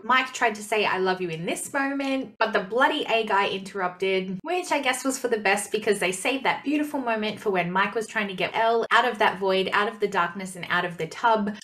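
A woman chats through a show review in a casual, gushing way. She gets emotional and doubles up her words for emphasis. Her voice sits at an ordinary mid pitch. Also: a bit bright.

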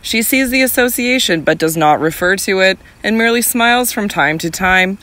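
A man narrating an audiobook in a measured literary reading. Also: high-pitched, expressive, pushed and bright, no echo. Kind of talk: scripted narration.

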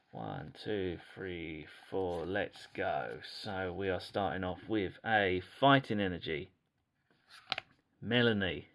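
Male channel host, casual and murmuring, unhurried delivery, faint background noise. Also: fairly low pitch. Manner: quiet, murmuring as he lists cards. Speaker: pack-opening channel host. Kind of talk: casual card-opening commentary.

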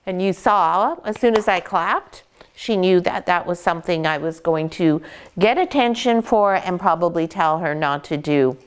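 A woman dog breeder calmly explaining puppy care, gently praising the dogs as she goes. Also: on the low side, moderate pace, clean tone. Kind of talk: instructional puppy-care talk.

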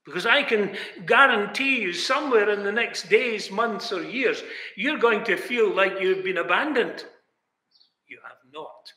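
Speaking a little slowly, a man with a high-sitting, expressive voice preaches with a bright, forceful tone. The chapel's echo gives a long reverb as he asks rhetorical questions and speaks directly to those present.

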